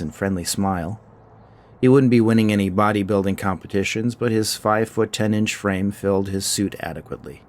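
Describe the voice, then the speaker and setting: A man narrating a short fiction story in a measured, scripted storytelling style. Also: on the low side, slight background noise.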